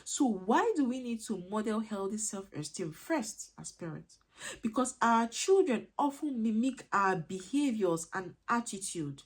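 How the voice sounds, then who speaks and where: A woman's voice: on the high side, animated, unhurried. A woman giving an earnest parenting lesson, driving points home with repeated rhetorical questions. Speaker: parenting coach. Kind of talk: motivational teaching talk.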